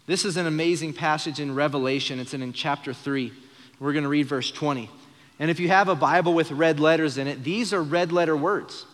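A man's voice: a little high, brisk, a bit bright, in a large hall. A young man preaching an earnest sermon during a live church service, shifting his voice to act out the lines he quotes. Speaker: pastor.

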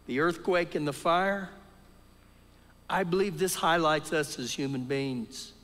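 A man preaching a sermon at a live church service, dropping to quiet, low passages and rising to loud, shouted peaks. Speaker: pastor. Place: church sanctuary. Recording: live church service in a big reverberant room.

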